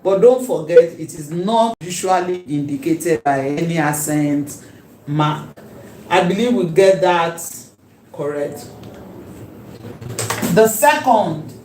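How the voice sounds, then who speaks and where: Slow, emphatic woman teaching. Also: on the low side, expressive, a little mellow, slight background noise. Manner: repeats key terms slowly and emphatically. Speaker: Hebrew teacher. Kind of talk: classroom lecture. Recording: echoey room with faint ambience.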